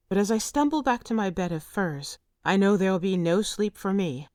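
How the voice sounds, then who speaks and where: A woman's voice: medium pitch, lively intonation, normal speed, few pauses, darkish tone, no echo, clean studio sound. A woman narrating a first-person fantasy audiobook with intense, vivid storytelling.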